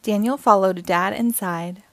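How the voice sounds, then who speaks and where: A woman hosting a read-aloud for children, narrating in a bright, expressive way. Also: mid-range voice, unhurried, dry recording. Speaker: storyteller host.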